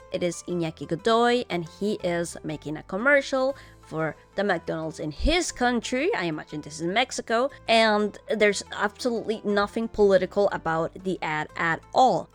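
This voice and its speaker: Sarcastic woman hosting online commentary. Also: mid-range voice. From Argentina. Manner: sarcastic, mocking. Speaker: commentary host.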